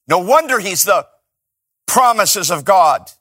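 Forceful preacher, dry close sound. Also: male voice, on the high side, measured pace, vocal fry, no room sound. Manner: dynamic preaching, swinging between loud emphatic peaks and hushed asides. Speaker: pastor. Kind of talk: sermon.

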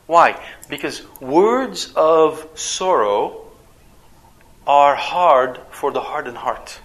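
A man preaching a sermon as a father, animated and acting out quoted voices. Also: a little high, very slow.

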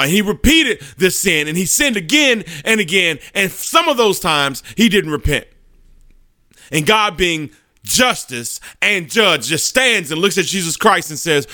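Animated, bright-voiced man preaching. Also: on the high side, normal speed, no room sound, studio quality. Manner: animated storytelling with many restarts. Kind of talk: sermon.

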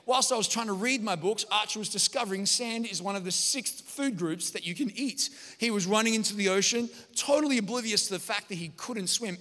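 Lively pastor, high bright voice. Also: male voice, big-room sound. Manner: energetic, joking, animated storytelling. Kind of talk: sermon. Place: large church hall.

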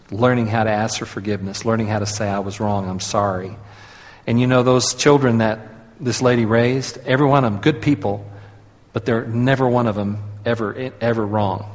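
A man's voice: fairly low pitch, long reverb tail. A man preaching a sermon in a conversational way, leading his listeners to repeat phrases after him. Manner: conversational, leads audience in call-and-response. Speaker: pastor.

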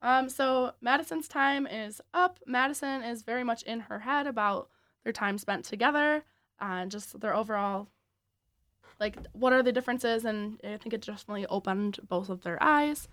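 A young woman co-hosting a casual podcast, measured and leading the discussion with questions. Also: fairly high pitch, a bit bright, no room sound, clean studio sound. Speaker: podcast co-host. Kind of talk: casual chat.

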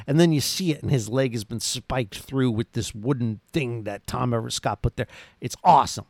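A man's voice: mid-range voice, lively intonation, moderate pace, no room sound. A man casually recapping a movie plot on his podcast, rambling and enthusiastic, full of restarts and fillers. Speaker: podcast host reviewing a movie.

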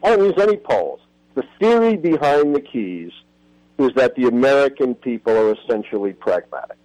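An older man speaks as a professor being interviewed on the radio, telling his story with real animation. His voice sits mid-range, and the pitch leaps around freely as he stresses his points. The sound is close and dry, with no room around it. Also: sing-song, normal speed, darkish tone, no room sound, rough recording. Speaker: history professor, interview guest.

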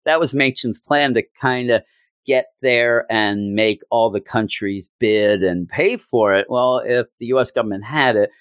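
A man's voice: mid-range voice, measured pace, clean tone, no room sound, muffled recording. A man hosting a podcast, chatting casually and jokily as he reviews a comic book. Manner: rambling, jokey, animated retelling. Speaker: podcast host.

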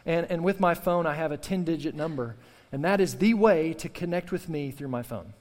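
Fairly quick and a little high-pitched, this male pastor preaches with fervor, hammering key phrases through repetition and inviting the congregation to answer back. His voice trails off in a long reverb tail.

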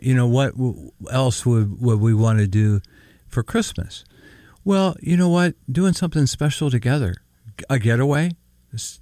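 Middle-aged male co-host, animated pitch, dry studio sound, warm banter on faith radio. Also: no echo. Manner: lively, laughs often, reads Scripture aloud. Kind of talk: casual Christian radio chat.

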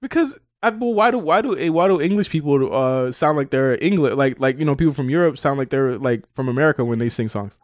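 A man's voice: medium pitch, lively intonation, quick pace, dry recording, studio quality. A man co-hosting a podcast, chatting and arguing casually, laughing often and restarting his sentences. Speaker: podcast co-host. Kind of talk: casual debate chat.

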